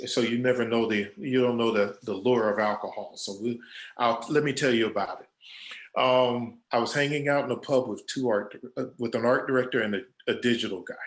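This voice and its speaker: A man's voice: mid-range voice, normal speed. A man speaking as a guest creative director, telling stories casually and acting out what others said. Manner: animated storyteller acting out quoted voices. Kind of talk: casual storytelling Q&A. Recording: echoey room.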